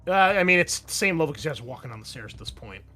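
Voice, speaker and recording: A man's voice: a little high, expressive, racing, pushed and bright, faint music behind. A man narrating as game master of a tabletop role-playing game, casual, with many fillers and restarts.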